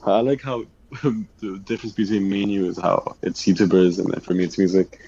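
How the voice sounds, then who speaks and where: A teenage boy chatting casually with a friend, telling animated, slangy stories. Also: deep voice, fairly quick, slight background noise. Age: teens. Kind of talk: casual chat. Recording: dull lo-fi sound.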